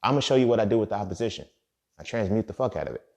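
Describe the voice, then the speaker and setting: A man's voice: on the low side, animated, very fast, gravelly, a little mellow. A young man talking casually on his podcast in a streetwise, profane way, often asking "you feel me". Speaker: podcast host. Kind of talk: casual monologue.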